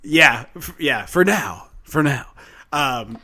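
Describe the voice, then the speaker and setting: A man's voice: medium pitch, lively intonation, slow, sharp tone. A man co-hosting a podcast, chatting enthusiastically about a film with lots of fillers and restarts. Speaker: podcast co-host. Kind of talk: casual chat, film review.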